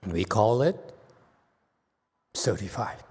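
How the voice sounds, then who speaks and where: Giving a Buddhist Dharma lecture to a live audience, a man teaches slowly, quizzing listeners and growing animated as he explains. His fairly low, slightly rough voice rings with a long hall reverb.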